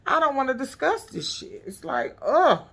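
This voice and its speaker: A woman recapping a reality show in a blunt, profane, animated casual rant. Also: high-pitched, moderate pace, gravelly.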